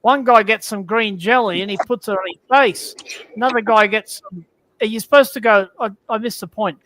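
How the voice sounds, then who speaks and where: A man's voice: high voice, fairly quick, fairly bright tone, slight background noise, low-quality recording. A man telling a crude joke in casual chat, stumbling and restarting as he goes.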